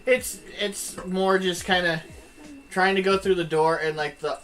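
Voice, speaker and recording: A woman's voice: fairly low pitch, steady tone, measured pace, a bit bright, soft background music. A woman narrating as game master of a tabletop game on a live stream, hesitating with fillers as she describes scenes.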